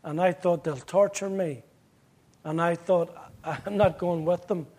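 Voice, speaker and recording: A man's voice: high-pitched, steady tone, measured pace, darkish tone. A man with a Northern Irish accent giving an earnest personal testimony, telling his story vividly and acting out the dialogue. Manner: earnest, at times emotional.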